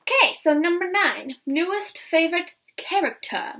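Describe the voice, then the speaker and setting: Young woman book vlogger, high and bright, gushing and excitable, casual chat. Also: moderate pace. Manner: gushing and excitable, many repeated "I loved" and "like".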